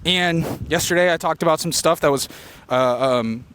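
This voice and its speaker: A man doing an unfiltered stream-of-consciousness comedy monologue, rambling and fast-talking with quick tangents. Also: fairly high pitch, fairly bright tone, a little hiss or hum. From Filipino heritage. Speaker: comedian podcaster. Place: beach location outdoors.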